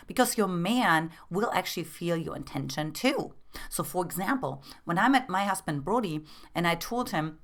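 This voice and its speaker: A woman's voice: on the low side, pushed and bright. A middle-aged woman from East Germany, coaching women on relationships in an earnest, intimate way and calling the listener "girlfriend".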